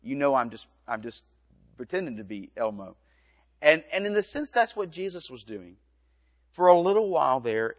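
A middle-aged man, a pastor, giving a gentle children's sermon in a church, telling a story in simple words. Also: medium pitch. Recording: reverberant church, dull lo-fi sound.

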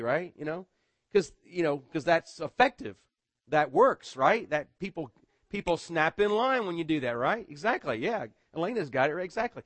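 A man's voice: a little high, lively intonation, normal speed, a bit bright, dry recording. Male pastor, middle-aged, sermon delivery, chatty, stumbling repeats, dry sound. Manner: conversational, repeats words, often asks "right?".

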